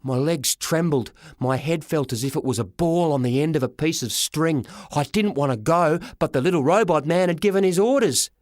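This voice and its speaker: A man narrating a children's story as a boy, with a lively, dramatic reading. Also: fairly high pitch, normal speed, few pauses, dry recording, studio quality. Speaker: audiobook reader. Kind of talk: storybook narration in a boy's first person.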